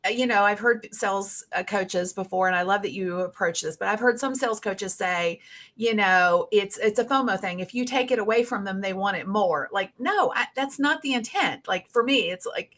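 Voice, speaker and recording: A woman's voice: medium pitch, moderate pace, fairly bright tone. A woman with a Southern accent hosting a casual interview, chatty and folksy, with plenty of fillers. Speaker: host.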